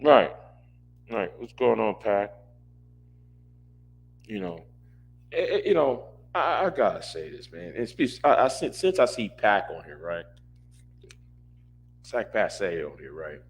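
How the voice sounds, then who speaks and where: A man's voice: fairly low pitch, very animated, slow pace, pauses often. A man in a casual rant, exasperated and repetitive, stumbling over restarts. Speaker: commentator reacting to a panel stream.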